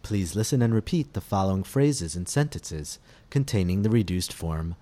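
A man teaching English pronunciation in a scripted podcast lesson, speaking slowly and articulating each word clearly. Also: low-pitched, animated, dark tone. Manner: slow, deliberate, clearly articulated delivery.

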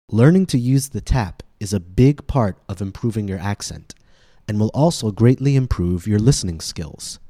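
Slow, deep-voiced teacher. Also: male voice, mellow, no room sound, studio quality. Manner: slow, clear demonstrative delivery. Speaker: pronunciation teacher. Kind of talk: scripted podcast lesson.

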